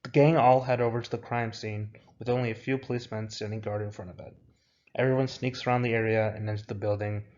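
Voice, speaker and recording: A young man reading out his own script with its stage directions, in a plain, even way. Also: fairly low pitch, fast, dull audio.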